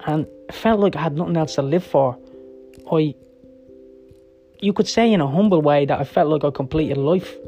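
A man in his thirties tells his own story in a frank, rambling way, swearing freely and checking in with his listener. His voice sits a little high for a man. Soft guitar music plays quietly underneath. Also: normal speed, pauses often. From Ireland. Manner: candid, rambling and profane, with frequent "yeah?" and "right?". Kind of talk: personal storytelling talk.

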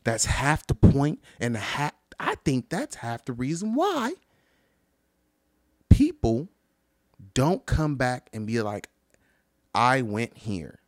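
A man casually ranting about travel stories, profane and animated, acting out the people he quotes. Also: slow, long pauses, no room sound, clean studio sound. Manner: animated, profane, acts out quoted people with big pitch jumps. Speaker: vlogger. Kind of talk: casual storytelling rant.

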